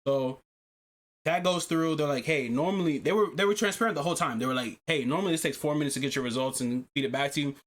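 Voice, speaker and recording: A man on a casual podcast tells a long story with animated energy, swearing freely and laughing as he goes. His voice sits a little higher than usual for a man. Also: fast talker. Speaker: podcast host.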